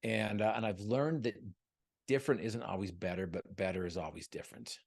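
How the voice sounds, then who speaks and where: A man's voice: lowish voice, fairly quick, vocal fry. A man giving a motivational talk as a guest speaker on a video call, joking and telling stories in an earnest, upbeat way.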